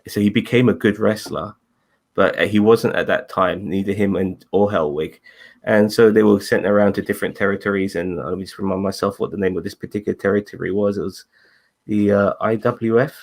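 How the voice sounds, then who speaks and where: A man's voice: lowish voice, fairly even intonation, fairly quick. A man hosting a casual review chat over a video call, rambling, swearing and correcting himself as he goes. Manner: rambling, profane, self-correcting. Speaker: podcast host.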